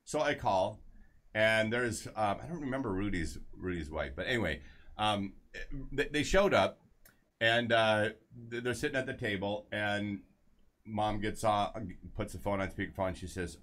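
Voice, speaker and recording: Low-voiced man telling a rambling story. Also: moderate pace, fairly bright tone. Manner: rambling, lots of restarts and asides. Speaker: show host. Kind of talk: casual health talk, storytelling.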